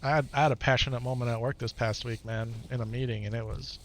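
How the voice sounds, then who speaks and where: A man's voice: medium pitch, fairly even intonation, fast, a little hiss or hum. A middle-aged man streaming live, talking casually and earnestly to his viewers, often repeating phrases for emphasis.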